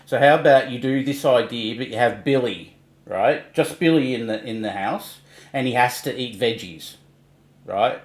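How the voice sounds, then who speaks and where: A man's voice: mid-range voice, normal speed. Ranting man in an echoey room. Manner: ranting, mocking, laughing. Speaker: livestream host. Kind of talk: casual commentary on online drama.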